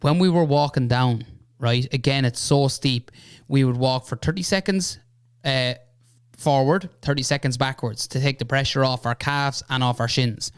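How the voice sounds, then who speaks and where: A young Irish man recounting an adventure as a podcast guest, his voice smooth and resonant. He talks in an animated, chatty way, checking in with the listener often. The sound is dry and close, from a studio mic. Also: medium pitch, moderate pace, dry recording. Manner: animated anecdote-telling with lots of "right?" and "you know". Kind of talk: casual storytelling.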